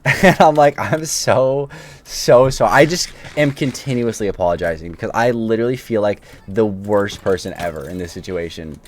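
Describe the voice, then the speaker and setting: A man's voice: lowish voice, animated, moderate pace, a little hiss or hum. A man hosting a gaming video, casually telling a long, self-deprecating story while he plays. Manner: chatty, self-deprecating, apologetic anecdote.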